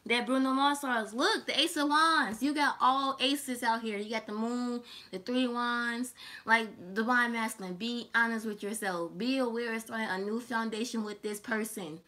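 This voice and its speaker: Bright, high-voiced woman reading tarot. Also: normal speed. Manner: animated, laughing, profane and teasing. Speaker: tarot reader.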